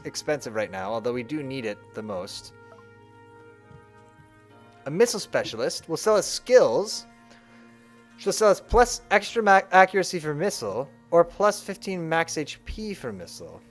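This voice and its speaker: A man commenting casually on a game he is playing live, reading its dialogue aloud in playful voices. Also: on the high side. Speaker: streamer.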